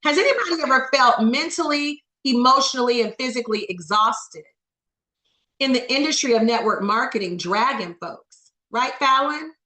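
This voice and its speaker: High bright motivational coach woman, echoey. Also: animated, moderate pace. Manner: preacher-like, calls on listeners by name, rhetorical questions. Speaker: network marketing coach. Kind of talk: motivational training talk.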